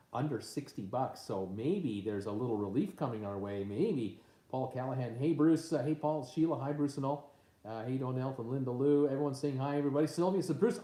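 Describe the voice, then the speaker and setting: A man's voice: mid-range voice, mellow. A man hosting a casual live stream at home on his tablet, reading viewer comments aloud with lots of uhs and ums. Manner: reads viewer comments aloud with many fillers. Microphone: tablet mic. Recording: echoey room.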